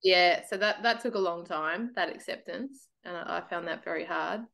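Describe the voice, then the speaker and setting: Woman, interview guest, lowish voice, animated storytelling, laughs a lot. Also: moderate pace, gravelly. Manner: animated, laughs often, acts out her past thoughts. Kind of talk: casual conversational storytelling.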